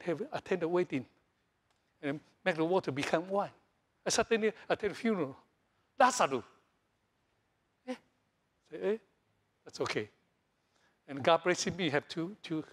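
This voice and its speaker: Preaching in broken English riddled with fillers and repetition, a middle-aged pastor from Taiwan, native in Taiwanese, swings animatedly from loud high outbursts to quiet low passages. His voice is slightly rough.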